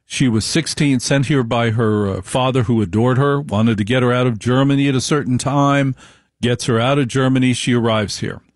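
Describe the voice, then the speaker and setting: A man's voice: mid-range voice, normal speed, no room sound, clean studio sound. A man giving an opinionated monologue, telling a family story with emphatic repetition. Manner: emphatic, storytelling, repeats points for stress.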